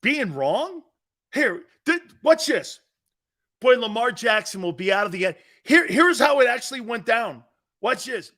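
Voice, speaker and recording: A man hosting a sports talk show, ranting loosely and acting out his own stories with brash, animated energy. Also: extremely high pitch, unhurried. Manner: brash, animated storyteller, acts out dialogue. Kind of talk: loose sports radio rant.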